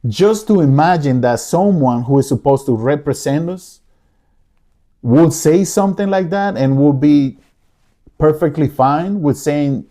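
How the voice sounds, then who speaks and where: A man's voice: fairly high pitch, measured pace, dark tone. A man hosting a talk show, delivering emotional solo commentary in a pleading, repetitive way, speaking from his living room. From United States. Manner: emotional, pleading, repeats himself. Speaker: podcast host.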